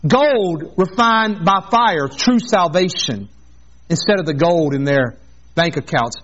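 A man's voice: on the high side, lively intonation, slow pace, a bit bright, highs cut off. A man preaching an earnest sermon as a pastor, mixing scripture with a personal story.

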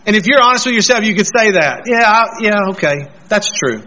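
A pastor preaching a sermon, earnestly putting questions straight to the congregation. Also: male voice, high-pitched, expressive, brisk, pushed and bright, highs cut off.

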